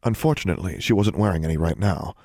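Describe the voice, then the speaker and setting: A man narrating a story in a steady, measured way. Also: sits low, gravelly, no room sound, clean studio sound. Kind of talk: audiobook narration.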